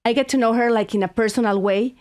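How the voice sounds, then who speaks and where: A woman from Mexico, whose first language is Spanish and who has a Mexican Spanish accent, tells a story as host of a casual podcast chat. Her high-leaning voice runs at a quick pace, animated and full of restarts and fillers.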